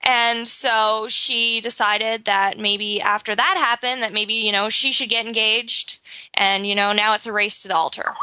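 Chatty woman from Saskatchewan, bright voice. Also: fairly high pitch, steady tone, a little slow, clean tone, no echo. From Saskatchewan, Canada. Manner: chatty, laughs often, many fillers. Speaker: co-host. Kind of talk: casual celebrity gossip chat. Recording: dull lo-fi recording.

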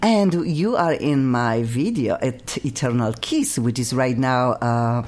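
A woman hosting a talk radio show, speaking English with a foreign accent in an excitable, gushing way. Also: very deep voice, a little slow. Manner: gushing, exclamatory, non-native phrasing. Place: radio studio.

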